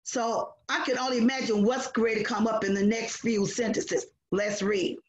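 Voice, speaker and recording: A woman teaching a children's Bible lesson, animated, acting out lines with sudden loud bursts. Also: a little high, slow, slight background noise. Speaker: Sunday school teacher. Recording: roomy, dull lo-fi sound.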